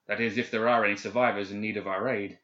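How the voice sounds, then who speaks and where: A man's voice: lowish voice, steady tone, fast talker, a bit bright, lightly acted. A man doing a stern formal English officer. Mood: formal, firm. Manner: formal, severe and commanding. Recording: echoey, slightly dull recording.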